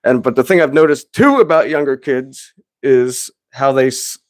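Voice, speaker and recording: A man's voice: mid-range voice, moderate pace, no room sound. Chatty man in his thirties, dry sound. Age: 30s. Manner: rambling, laughs often, acts out quotes. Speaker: podcast host. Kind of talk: casual chat.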